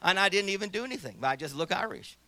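A man's voice: high-pitched, animated, rapid-fire, pushed and bright, no echo. A man in his sixties from St. Louis, a minister giving a rambling, conversational personal testimony full of restarts. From St. Louis, USA. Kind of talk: personal testimony at a church gathering.

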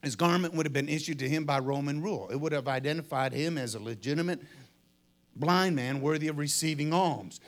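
Delivering a sermon, a middle-aged man acts out the voices and cries of the people in a story he tells dramatically. He speaks a bit fast in a slightly high voice.

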